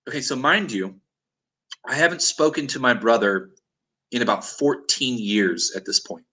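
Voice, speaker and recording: Man, bright forceful voice, earnest dramatic storyteller, mid pitch. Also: animated, moderate pace, low-quality recording. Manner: earnest, dramatic retelling with acted-out quotes. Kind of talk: intense personal storytelling.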